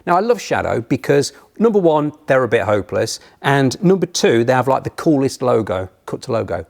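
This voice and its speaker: A man chatting as a guest, telling animated, jokey stories full of digressions. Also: mid-range voice, brisk, vocal fry. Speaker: guest presenter. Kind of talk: casual chat.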